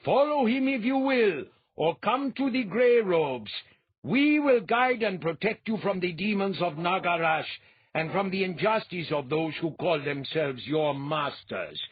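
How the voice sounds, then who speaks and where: A man voicing a thundering older male priest calling out to a crowd, in a husky, narrow-sounding recording. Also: expressive, measured pace, no room sound, heavily acted. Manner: booming, pleading. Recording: muffled, narrow phone-like sound.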